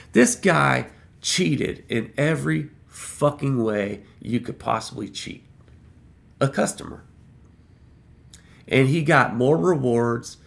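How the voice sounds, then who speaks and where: A man's voice: mid-range voice, gravelly. A man telling a personal work story in a blunt, profane, casual way, repeating phrases for emphasis.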